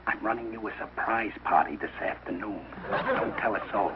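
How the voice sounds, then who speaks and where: An actor playing an excitable, sentimental working-class father in a 1940s radio sitcom, lively and self-pitying. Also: fairly high pitch, moderate pace. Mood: hurt. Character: blustering, sentimental working-class family man. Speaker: father of the household. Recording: dull old radio broadcast with faint hiss.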